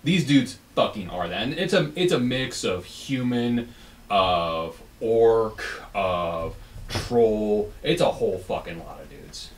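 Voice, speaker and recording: A man's voice: fairly low pitch, lively intonation, takes it slowly, slight background noise. A man running a tabletop game as game master, talking casually with lots of swearing. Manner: casual, profane, rambling. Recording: echoey room, far from mic.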